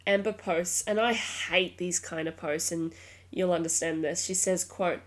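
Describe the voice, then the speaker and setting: A woman's voice: lowish voice, fairly even intonation, unhurried. A woman hosting a true crime podcast, telling the story in a casual, blunt way, often swearing and laughing.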